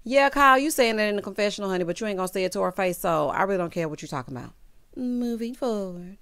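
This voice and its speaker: A woman's voice: medium pitch, very fast, smooth. A woman hosting a reality TV recap, giving sassy, emphatic commentary and calling her viewers honey and child. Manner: bursts into loud laughter and exclamations.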